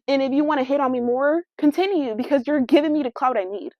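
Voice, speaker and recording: A woman's voice: high voice, normal speed, no room sound. Brash, sassy young woman podcaster. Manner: brash, sassy, slangy and animated. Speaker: podcast host. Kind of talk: casual solo podcast rant. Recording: dry, dull lo-fi sound.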